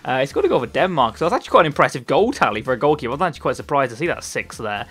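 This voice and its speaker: A man's voice: medium pitch, very animated, racing, fairly bright tone, slightly rough. A man in his twenties with a Cornish accent, giving casual, chatty gameplay commentary and rambling with frequent ums and repeated words. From Cornwall, England. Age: 20s. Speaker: gaming YouTuber.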